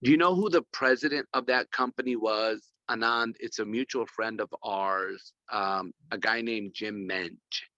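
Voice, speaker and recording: Man on a phone call, bright forceful voice, dry dull sound, gushing, keeps restarting. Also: fairly low pitch, unhurried, no room sound. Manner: rambling and effusive, many restarts. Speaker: guest speaker. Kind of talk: casual video call talk. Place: corporate office.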